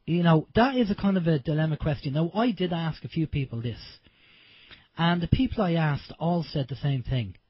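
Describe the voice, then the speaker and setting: A man's voice: on the high side, normal speed, breathy edge, dry recording, dull audio. An Irish man hosting an internet radio show, chatty and rambling with lots of fillers. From Ireland. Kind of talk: casual radio talk.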